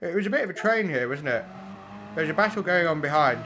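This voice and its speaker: A man with a fairly high voice talks through sim racing replays live, blunt and quick to swear. A faint hum of noise sits under his voice. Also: animated, bright, forceful tone. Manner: blunt and sweary, chatting with viewers. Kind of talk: live commentary on race replays.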